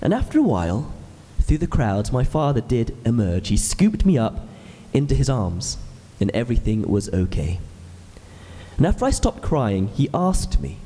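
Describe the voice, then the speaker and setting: A man's voice: medium pitch, big pitch swings, moderate pace, mellow, breathy edge, in a large hall. A man in his thirties, an ordinand, preaching a sermon in a church with earnest, explanatory storytelling. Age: 30s.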